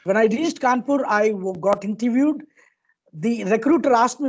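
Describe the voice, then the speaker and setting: A man's voice: very high voice, moderate pace, muffled recording. A man with an Indian accent giving an earnest motivational talk, telling a personal story and often repeating words as he goes. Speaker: motivational speaker.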